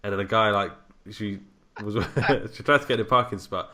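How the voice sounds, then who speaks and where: Low-voiced man chatting casually. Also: normal speed. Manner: relaxed, rambling, laughs often. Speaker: podcast co-host. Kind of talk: casual film chat.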